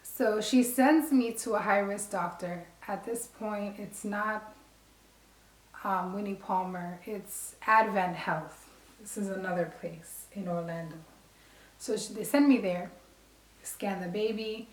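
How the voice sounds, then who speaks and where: A woman's voice: medium pitch, takes it slowly. A woman from the Bronx casually telling a personal story, acting out the dialogue as she goes. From Bronx, New York. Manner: animated, acts out quoted dialogue. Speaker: vlogger. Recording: roomy echo.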